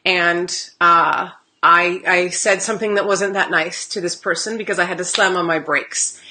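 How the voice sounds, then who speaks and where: Female spiritual card reader, live-stream host; bright tone, casual and animated, laughs easily. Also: fairly low pitch, normal speed. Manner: chatty, animated storytelling with laughs. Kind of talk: live-stream chat with viewers.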